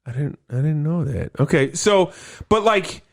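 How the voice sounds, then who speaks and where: A man co-hosting a podcast in casual chat, animated and swearing freely as he acts out quotes. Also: a little high, a little slow, vocal fry. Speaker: podcast co-host.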